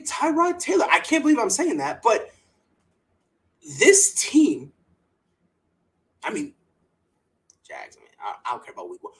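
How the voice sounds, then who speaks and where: Sports talk podcast host, emphatic and restless, pitch swinging all over as they argue their takes. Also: rough recording. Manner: animated and emphatic, repeats words, mocks others in quoted voices.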